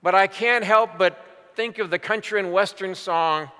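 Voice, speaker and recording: Older pastor in a reverberant sanctuary. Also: male voice, high voice, moderate pace, bright, forceful tone, clear, resonant tone. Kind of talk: sermon. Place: large church sanctuary. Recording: long hall reverb.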